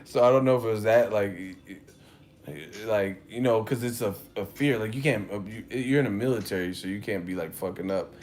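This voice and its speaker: A man's voice: fairly low pitch, normal speed, a little mellow. Laughing, profane male stream host. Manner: profane, laughing, loose storytelling. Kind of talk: casual chat.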